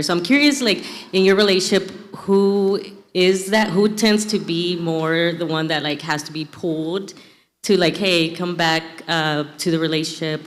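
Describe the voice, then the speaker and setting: Low-voiced woman asking a rambling question. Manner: rambling, heavy filler words. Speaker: audience member asking a question. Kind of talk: question from the audience. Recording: long hall reverb.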